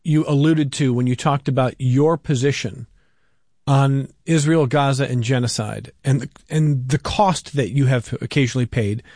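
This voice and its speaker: Radio host with a dry close voice. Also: male voice, mid-range voice, fairly even intonation, normal speed, a little mellow, dry recording. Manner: conversational, reads listener emails aloud. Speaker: radio talk show host. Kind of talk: call-in radio interview.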